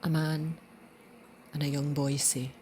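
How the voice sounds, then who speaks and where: Scottish woman talking slow and earnest, kinda low voice, whispers bits for emphasis. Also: little pitch movement, mellow, slight background noise. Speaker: channel host. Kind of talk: spoken spiritual reflection.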